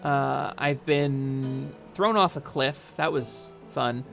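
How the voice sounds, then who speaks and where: A woman's voice: rumbling low, slow, gravelly, a bit bright, soft background music. A woman from North New Jersey with a North Jersey accent, chatting frankly to her stream audience with lots of fillers and restarts. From North New Jersey, United States. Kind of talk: candid chat during a game stream.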